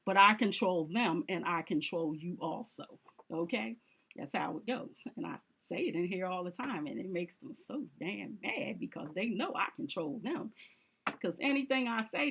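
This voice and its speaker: A woman's voice: medium pitch, a bit bright. A woman vlogging in a casual monologue, speaking emphatically and repeating her points straight at the viewer, with informal fillers. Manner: informal, with fillers and short laughs.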